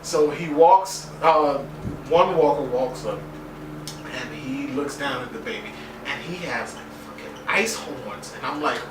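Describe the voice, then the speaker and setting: A man giving a casual, profane episode recap, excitable and acting out scenes in voices. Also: medium pitch, measured pace, echoey room, far from the mic, noisy background. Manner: excitable, swears a lot, acts out scenes in voices. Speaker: TV episode reviewer.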